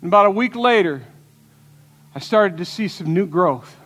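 Male pastor, high voice, earnest storytelling sermon, recorded in a church sanctuary with a long reverb tail. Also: lively intonation, normal speed, fairly bright tone. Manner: earnest, storytelling preacher with rhetorical questions.

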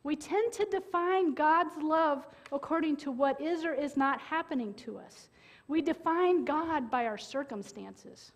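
A woman's voice: high voice, measured pace, in a large hall. A woman preaching a sermon in earnest, sharing a personal story with emotion and appeals to the congregation.

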